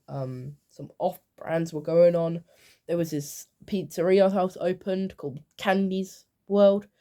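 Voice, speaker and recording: A woman YouTuber talking in loose, casual commentary. She drifts into offhand asides and fills pauses with ums and uhs. Her voice sits a little low and sounds soft and mellow. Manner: rambling, full of fillers and offhand asides.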